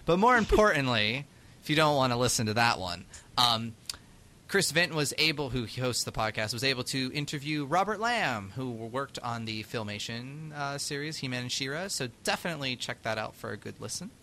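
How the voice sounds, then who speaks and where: A man's voice: mid-range voice, animated, normal speed, pushed and bright, a little hiss or hum. A man hosting a podcast in casual chat, laughing often while he gives plugs and thanks listeners. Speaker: podcast host.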